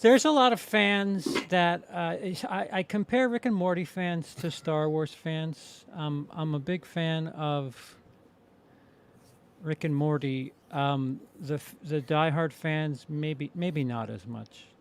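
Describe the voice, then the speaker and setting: Rambling man with a higher voice. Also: clean tone. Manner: rambling, halting restarts, swearing. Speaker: podcast co-host. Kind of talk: casual chat.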